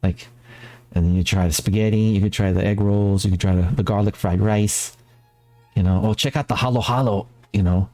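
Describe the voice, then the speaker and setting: A man from the Philippines hosting a casual talk stream, rambling in an animated way and laughing often. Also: sits low, brisk, soft background music. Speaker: talk show host. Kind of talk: casual chat.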